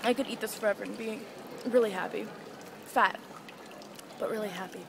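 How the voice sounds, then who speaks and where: Vlogging casually on a handheld camera, a woman strolls a busy downtown street outdoors, bubbly and playful and exclaiming often. Her voice is gravelly, medium-pitched and steady in tone, at a normal speed. Traffic makes the street recording noisy.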